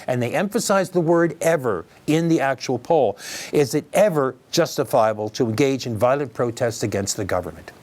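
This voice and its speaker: A man's voice: medium pitch, animated, fairly quick, darkish tone. A man hosting a news commentary program, giving opinionated, wry remarks and addressing listeners directly. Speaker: commentary host.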